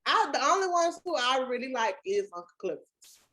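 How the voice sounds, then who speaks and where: A young woman with a Southern US accent co-hosting a casual chat, talking in an animated, emphatic, slangy way. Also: high voice, a little fast, a little hiss or hum. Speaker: podcast co-host.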